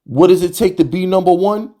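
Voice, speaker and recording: A man's voice: high voice, brisk. Fired-up man ranting about his team. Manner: animated, exasperated, repeats "bro" and rhetorical questions. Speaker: sports fan channel host. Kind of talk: heated fan rant to camera.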